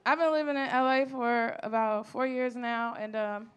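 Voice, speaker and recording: A woman's voice: on the high side, normal speed, clean tone, highs cut off. A woman doing a stand-up comedy set, telling stories in a brash, profane, conversational way on a club stage. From Chicago. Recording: live comedy club with audience laughter. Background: audience laughter and room murmur.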